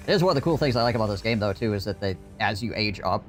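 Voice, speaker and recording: Animated, laughing male streamer. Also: lowish voice, very fast, faint music behind. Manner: animated, laughs often, mild swearing. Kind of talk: casual chat.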